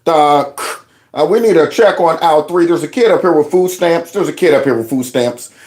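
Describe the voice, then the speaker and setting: A man's voice: a little high, moderate pace, darkish tone, pitched above the performer's own voice, natural voice. A man voicing a store clerk who mocks and announces over the store. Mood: mocking. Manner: mocking, announcing.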